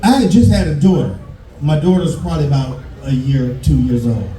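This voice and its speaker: Stand-up comic: raunchy, loud punchlines, echoey club heard from far off. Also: male voice, a little high, moderate pace. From Detroit, USA. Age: 50s. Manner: profane, loud, shouting punchlines. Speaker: stand-up comedian. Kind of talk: live stand-up set. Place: comedy club stage.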